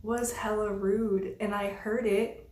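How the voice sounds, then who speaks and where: A woman's voice: mid-range voice, takes it slowly. Exasperated young woman ranting in an echoey room. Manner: exasperated, animated, swears freely. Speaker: vlogger. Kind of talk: casual storytime monologue. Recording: roomy echo.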